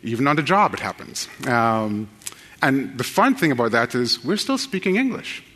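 Male preacher, casual and joking, average pitch. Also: big pitch swings, normal speed, bright, forceful tone, big-room sound. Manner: folksy, joking, addresses the crowd directly. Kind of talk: sermon with fast scripture reading.

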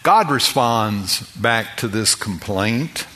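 A man's voice: on the low side, expressive, slow pace, pushed and bright. A middle-aged man preaching a sermon as pastor, emphatic and building his points through repeated phrases.

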